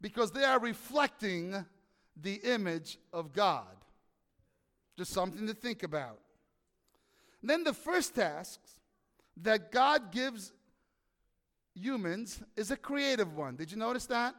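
High-voiced preacher in an echoing hall. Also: male voice, slow pace, pauses often. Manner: animated, asks the congregation questions. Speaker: pastor. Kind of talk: sermon.

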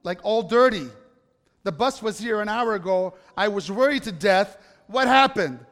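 A man's voice: high voice, very animated, slow pace, full character voice. A man voicing his worried, scolding Italian mother, firing off exasperated questions, in a reverberant hall.

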